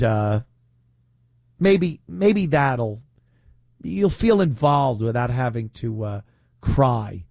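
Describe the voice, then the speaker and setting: Slow-talking mocking radio host. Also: male voice, medium pitch, dark tone, dry recording, clean studio sound. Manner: mocking, puts on whiny voices to ridicule. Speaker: radio talk show host. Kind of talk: opinionated talk radio.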